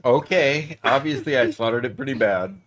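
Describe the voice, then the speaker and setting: A man hosting a gaming stream, easygoing and quick to laugh at himself. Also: medium pitch, a bit bright. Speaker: streamer host. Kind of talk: casual stream banter.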